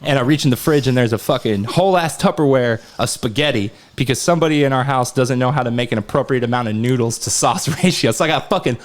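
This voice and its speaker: A man's voice: mid-range voice, fast, hardly any pauses. A young man co-hosting a casual podcast, telling a rambling, profanity-laced story with sound effects. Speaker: podcast co-host. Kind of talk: casual chat.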